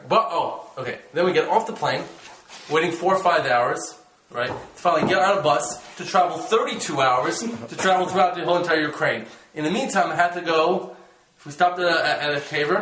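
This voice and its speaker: A man casually telling the story of his trip, animated and laughing, acting out his own exclamations. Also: a little high, brisk, roomy sound, a little hiss or hum, poor audio. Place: rented room.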